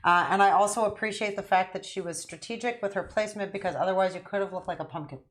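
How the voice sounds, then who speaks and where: Female co-host, chatty and teasing, talks fast. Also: mid-range voice, noisy background. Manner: teasing, chatty, quick banter. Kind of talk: casual chat.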